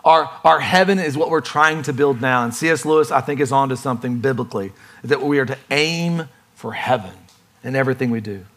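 A man preaching a sermon in a lively, conversational way, acting out quick voices for the people in his stories. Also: medium pitch. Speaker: pastor.

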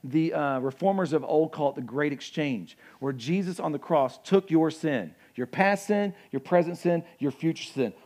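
A young adult man preaching a sermon as pastor, conversational and animated, with asides and acted-out quotes. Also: on the high side, moderate pace, few pauses.

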